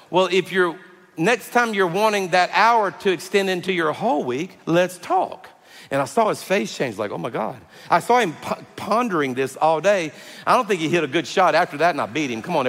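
A man, preaching a sermon as pastor, telling stories that move from loud and animated to hushed and tender. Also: sits high. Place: large church hall. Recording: long hall reverb with faint music.

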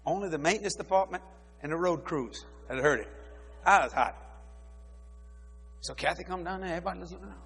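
A middle-aged male preacher tells a story from the pulpit with lots of animation. He acts out the dialogue and laughs as he goes, his voice sitting a bit high for a man. A long reverb from a large hall trails each phrase. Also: fairly quick, vocal fry, long pauses, fairly bright tone, breathy edge, soft background music. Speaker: preacher, head of a ministry. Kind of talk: storytelling sermon.

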